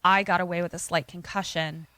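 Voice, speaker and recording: A woman voicing a grieving young widow, speaking in a quiet, confessional way. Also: fairly low pitch, steady tone, brisk, dry recording.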